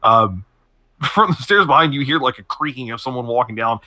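A man's voice: mid-range voice, animated, a little fast, bright, forceful tone, no room sound. A man narrating as game master for a tabletop game, rambling and laughing as he describes scenes.

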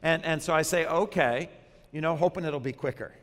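Pastor guy from arkansas, kinda high voice, chatty funny sermon, echoey church hall. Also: fast talker. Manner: lively, conversational preaching with humor.

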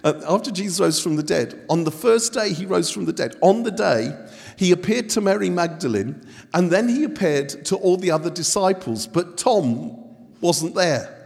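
A man preaching as a guest speaker, spinning jokey stories and teasing the room as he goes. His voice sits high for a man, and a long reverb from the hall hangs behind every line. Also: animated, moderate pace, vocal fry, a little mellow, slightly rough. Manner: jokey storytelling, bantering with the audience. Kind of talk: humorous sermon.

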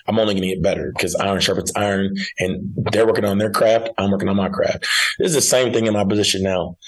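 A man's voice: low voice, steady tone, fast, slightly rough, low-quality recording. A young man from Arkansas, a college basketball coach telling his career story in a casual interview, often repeating and restarting his words. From Arkansas, United States.

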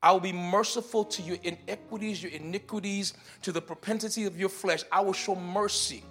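A man delivers a sermon in a church with a notably high voice. He swings between quiet, careful explanation and loud, urgent declarations, often repeating words as he works through a point. Faint music runs behind him. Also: steady tone, brisk. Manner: shifts from shouted declarations to quiet teaching. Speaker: pastor. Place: church sanctuary.

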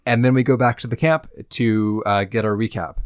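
Man, podcast co-host, wry dry remarks, mid pitch, dead-dry room. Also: fairly even intonation, normal speed, no echo. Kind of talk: casual game recap chat.

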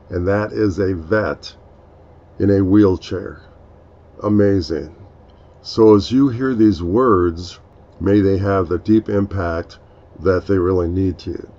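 Slow, low-voiced man hosting a talk. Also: darkish tone, dull audio. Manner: slow, earnest, explaining. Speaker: podcast host. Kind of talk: reflective devotional talk.

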